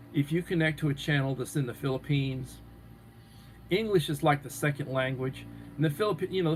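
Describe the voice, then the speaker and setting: A man's voice: on the high side, a little hiss or hum. A man hosting a live stream, chatting casually and rambling as he answers viewers' comments. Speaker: livestream host.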